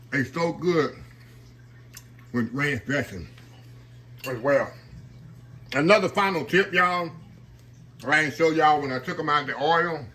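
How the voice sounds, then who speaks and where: Hosting a home cooking channel, this man chats through a casual demo while frying on his kitchen stove, the pan sizzling behind him. He keeps saying "y'all," and his voice is a little high with a sharp edge.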